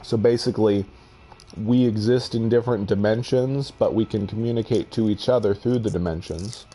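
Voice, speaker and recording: A man's voice: fairly low pitch, fairly even intonation, moderate pace, warm tone, husky. A man giving musing, hesitant commentary over his own space exploration gameplay, trailing off and restarting his thoughts. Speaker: game video host.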